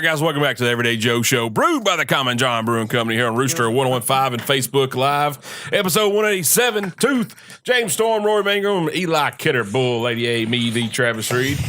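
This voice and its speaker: A man's voice: mid-range voice, bright, forceful tone. A man hosting a casual talk show, joking around with guests. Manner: jokey, does cartoon voice impressions. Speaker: host. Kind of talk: casual chat.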